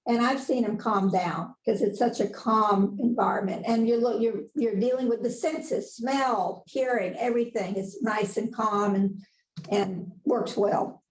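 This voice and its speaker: A woman's voice: medium pitch, a little slow, a little mellow, roomy sound, slight background noise, rough recording. A woman presenting a conversational webinar lecture as a nurse educator, in a chatty, folksy way, laughing at her own asides.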